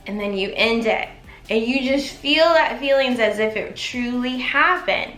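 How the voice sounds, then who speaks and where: A woman's voice: fairly high pitch, a little slow, a bit bright, faint music behind. A woman coaching viewers in an instructional vlog, upbeat and encouraging, speaking straight to her audience. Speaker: manifestation coach. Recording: echoey room.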